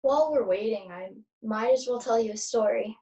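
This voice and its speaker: A woman's voice: fairly high pitch, moderate pace, warm tone, far from the mic, a little hiss or hum, lightly acted, low-quality recording. A teen girl playing a witty young storyteller. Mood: wry. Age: teens. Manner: dry, teasing, storytelling. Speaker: student actor, storyteller.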